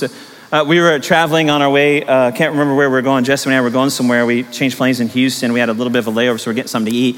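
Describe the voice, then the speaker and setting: A man's voice: mid-range voice, fairly bright tone. A man preaching a sermon as pastor, telling personal stories and then rising into emphatic exhortation. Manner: storytelling, building to emphatic exhortation. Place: large church sanctuary. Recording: long hall reverb.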